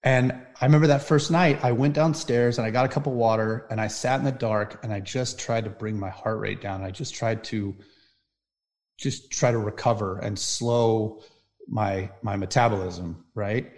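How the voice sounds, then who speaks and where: A man, a podcast guest, telling a personal story in conversation, intense and vivid, swinging between loud bursts and hushed passages. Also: fairly low pitch, fairly even intonation, moderate pace.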